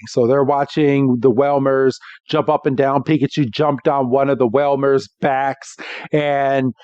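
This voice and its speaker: A man's voice: mid-range voice, little pitch movement, measured pace, darkish tone, smooth, no echo. Rambling podcast host man, dull dry sound. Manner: rambling, many fillers and restarts. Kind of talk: casual episode recap.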